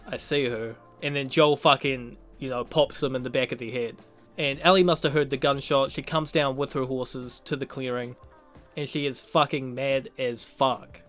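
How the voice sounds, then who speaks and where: Guy rambling thru a tv episode recap, swears a lot, bright voice, faint music behind. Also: medium pitch. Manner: profane, rambling, chuckling. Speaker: TV reviewer. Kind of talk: casual episode recap and review.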